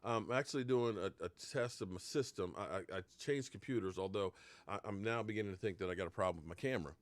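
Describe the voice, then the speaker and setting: A man's voice: fairly low pitch, quick pace, no echo. A man hosting a casual live stream about football, rambling, answering viewers' comments and slipping into playful mock heartbreak. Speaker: live-stream sports talk host.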